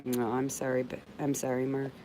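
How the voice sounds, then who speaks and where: A middle-aged woman hosts a casual livestream, reading viewer comments and answering them warmly and from the heart, calling everyone babe. Her voice is very deep and her delivery completely flat, a little on the fast side. The background is noisy.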